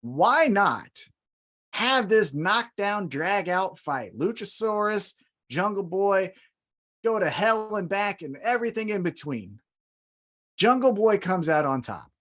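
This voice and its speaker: A man co-hosts a casual wrestling podcast, his voice sitting a little high for a man and swinging widely in pitch. He jokes around and acts out quotes as he recaps the night's matches. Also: slow. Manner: animated, jokey, recaps with acted-out quotes. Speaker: podcast co-host.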